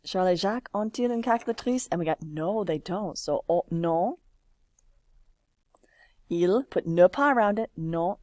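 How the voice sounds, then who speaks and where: A woman's voice: on the low side, lively intonation, a little mellow, dry recording, clean studio sound. A woman teaching a French lesson, patiently walking a class through examples while typing and encouraging answers. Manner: patient, encouraging, slow and drawn-out.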